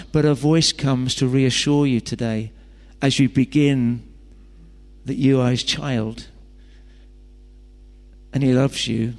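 A man preaching a sermon, chatty and full of rhetorical questions and joking asides. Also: medium pitch. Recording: long hall reverb.

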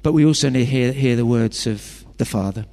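A man's voice: medium pitch, fairly quick, creaky, darkish tone. Man preaching in a reverberant hall. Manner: conversational, with rhetorical questions and jokey asides. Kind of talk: sermon.

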